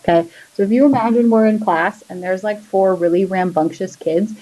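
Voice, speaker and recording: A woman teacher giving a casual history lesson, chatty and relaxed, using lots of fillers as she draws and explains. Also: mid-range voice, normal speed, poor audio. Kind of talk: casual classroom lecture.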